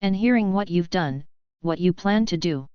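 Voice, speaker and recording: A woman's voice: lowish voice, lively intonation, moderate pace, darkish tone, clear, resonant tone, no echo, lightly acted. A woman reading a story, voicing a heartbroken young woman who pleads tearfully with her husband, on a dull lo-fi recording. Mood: pleading.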